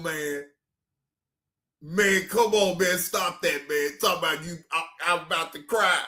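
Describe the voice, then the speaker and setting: A man giving casual, animated reaction commentary as a streamer, breaking into shouts and laughter. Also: sits high, slow pace.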